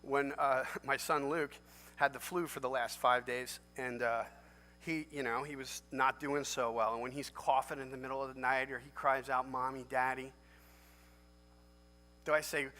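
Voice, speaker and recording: Animated preaching man in a reverberant hall. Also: mid-range voice, fairly quick. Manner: animated, emphatic preaching with sudden loud lifts. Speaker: pastor. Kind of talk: sermon. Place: large church sanctuary. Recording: long church hall reverb.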